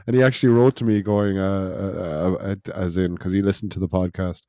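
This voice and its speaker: Brief: deep mellow male co-host, stumbling and laughing through casual talk. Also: steady tone, no echo, clean studio sound. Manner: halting, many fillers and restarts, quick to laugh. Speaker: podcast co-host. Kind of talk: casual chat.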